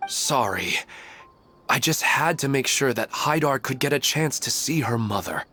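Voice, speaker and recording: A plain-spoken husband and father from a video game, with a middle-pitched voice. He talks in an earnest, heartfelt way over faint background music. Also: expressive, measured pace, sharp tone. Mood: warm.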